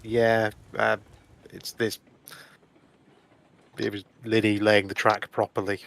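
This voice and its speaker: A man's voice: fairly low pitch, little pitch movement, takes it slowly, creaky, a bit bright. A man co-playing on a gaming stream, chatting with a dry, wry humour. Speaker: co-player on stream. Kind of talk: casual gaming chat.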